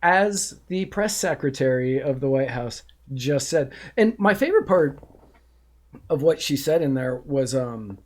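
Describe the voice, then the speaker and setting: A man's voice: mid-range voice, expressive, measured pace, a little mellow. A man co-hosting a podcast, chatting casually about the news and laughing often. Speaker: podcast co-host. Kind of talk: casual political banter.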